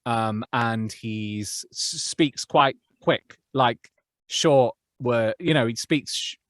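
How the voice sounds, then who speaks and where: A young man, an audiobook narrator, chatting as a podcast guest at a mid pitch. He rambles and thinks aloud, often restarting his sentences. The recording is dry and close. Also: slow, fairly bright tone, no echo. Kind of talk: casual interview chat.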